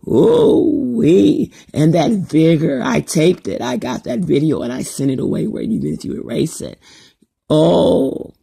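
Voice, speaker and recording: An older woman ranting on a vlog in an animated, mocking way. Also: unhurried, vocal fry, breathy edge. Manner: animated and mocking, with wide pitch swings. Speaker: vlogger.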